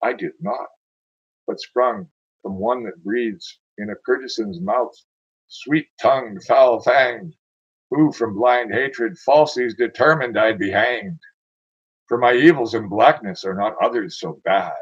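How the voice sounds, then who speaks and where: Man, lowish husky voice, declaiming his own verse, then chatting loosely between poems; dull lo-fi recording. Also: a little slow. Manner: dramatic, declaiming recitation. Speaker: poet reading his own work. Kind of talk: poetry reading with chatty asides.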